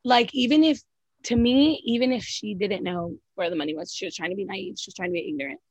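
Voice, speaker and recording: A woman's voice: mid-range voice, fast, a little mellow, no echo, muffled recording. A woman co-hosting a casual recap of a reality show, blunt and profane, filling her talk with "like" and "literally". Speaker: podcast co-host.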